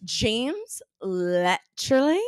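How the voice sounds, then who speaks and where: A woman's voice: fairly high pitch, sing-song, extremely slow, smooth, no echo, clean studio sound. A young woman hosting a casual podcast chat, bubbly and laughing often. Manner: bubbly, laughs often, puts on silly accents. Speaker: podcast host.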